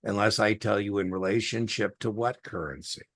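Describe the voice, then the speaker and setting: A man's voice: fairly low pitch, moderate pace, fairly bright tone, dry recording, studio quality. A middle-aged man tutoring a student one-on-one over a video call, chatty and folksy, telling stories with lots of fillers. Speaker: exam tutor.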